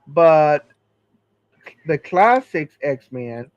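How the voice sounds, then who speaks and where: Casting: man host, slow and halting delivery with fillers, slightly high voice, dry lo-fi sound. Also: lively intonation, no room sound. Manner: reads game lists slowly with many fillers. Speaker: podcast host. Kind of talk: casual chat.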